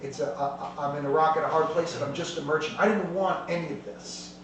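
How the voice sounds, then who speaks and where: A frightened merchant stammers and pleads, tripping over his own words, as a man puts him on. The voice sits a little high and sounds far from the mic. A roomy echo and faint hiss hang around it. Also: steady tone, quick pace, close to an everyday voice. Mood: desperate. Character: panicked male merchant smuggler, stammering and tearful. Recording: distant echoey room with faint noise.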